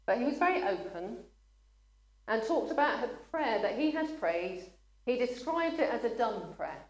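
In an echoey room, a woman preaches a sermon with earnest conviction, sometimes choking up and stopping to apologize. Her voice is medium-pitched and animated.

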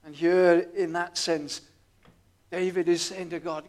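A man preaching a sermon, telling stories in a quiet, earnest way with small restarts. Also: high-pitched, little pitch movement, unhurried.

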